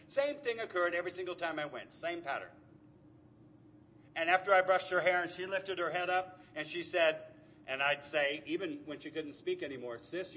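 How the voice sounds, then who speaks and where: Middle-aged man, recovery share, earnest storyteller, bright and slightly high voice. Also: a little hiss or hum. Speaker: speaker at a recovery meeting.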